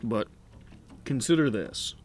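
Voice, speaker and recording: A man voicing a suave, handsome male goblin artificer who talks in a smooth, easygoing, confident way. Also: medium pitch, animated, slow pace, a little hiss or hum. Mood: reassuring.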